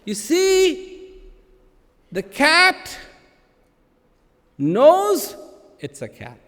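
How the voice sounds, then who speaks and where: Slow, lively man in a big hall. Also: extremely high pitch. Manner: slow, emphatic, with playful humor and dramatic pauses. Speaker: speaker addressing an audience. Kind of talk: spoken address to a live audience. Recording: long hall reverb.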